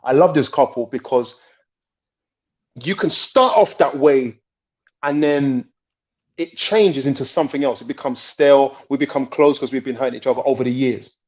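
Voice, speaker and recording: A man's voice: medium pitch, moderate pace, darkish tone. A middle-aged man speaking with enthusiasm on a podcast panel, often repeating his points. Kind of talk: casual panel chat. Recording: dull lo-fi podcast audio.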